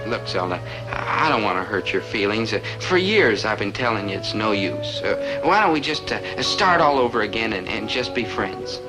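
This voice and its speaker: An actor playing an eager, lovestruck young student who talks in earnest, florid romantic phrases. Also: male voice, on the low side, sing-song, moderate pace, hardly any pauses, poor audio. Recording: old TV soundtrack with music.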